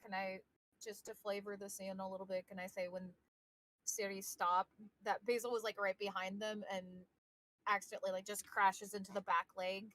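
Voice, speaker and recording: A woman's voice: mid-range voice, little pitch movement, normal speed, a bit bright, no room sound, poor audio. A woman, a player in a tabletop game, eagerly adding details with restarts.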